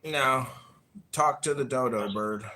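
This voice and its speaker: A man's voice: mid-range voice, slow pace, pushed and bright. A man in an online debate, disagreeing in short, curt replies. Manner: curt, contrarian.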